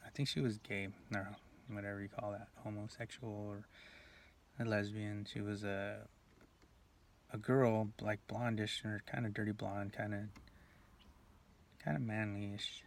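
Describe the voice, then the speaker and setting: Man recounting his past, low and monotone, halting delivery, faint hiss. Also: vocal fry. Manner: halting, full of fillers and restarts, drops to near whispers. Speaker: video blogger. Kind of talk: rambling personal storytelling.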